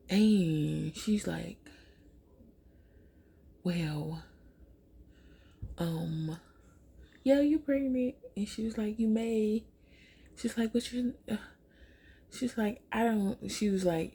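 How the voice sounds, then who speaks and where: A young woman from Louisiana tells a story while doing her makeup. She jumps up into a high voice whenever she quotes people. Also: warm tone, slightly rough. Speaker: vlogger.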